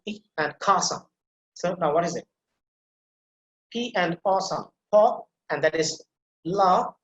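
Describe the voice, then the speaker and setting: A man's voice: sits high, a bit bright. A man teaching a pronunciation class, breaking words into sounds syllable by syllable and repeating them for learners to copy. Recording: echoey room.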